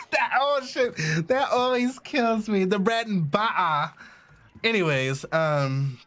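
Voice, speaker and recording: Male streamer doing relaxed, sassy let's-play commentary, unhurried delivery. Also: high-pitched, slight background noise. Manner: sassy, laughing asides, reads game text aloud. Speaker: gaming streamer.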